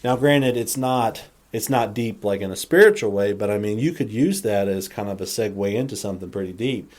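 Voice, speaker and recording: A man with a fairly low, warm, relaxed voice hosts a faith podcast on his own. He rambles earnestly, circling back and correcting himself as he works through his thoughts. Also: brisk. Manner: rambling, earnest, self-correcting with many restarts. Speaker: podcast host.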